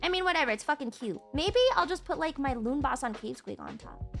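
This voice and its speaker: A young woman streaming and chatting casually while crafting, animated and giggly, swearing casually. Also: sits high, brisk, gravelly, soft background music. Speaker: VTuber streamer.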